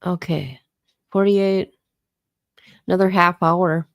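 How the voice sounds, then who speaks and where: A woman's voice: lowish voice, fairly even intonation, takes it slowly, creaky. A woman chatting casually on a live stream, rambling and talking to her viewers by name. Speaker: interview guest streaming live.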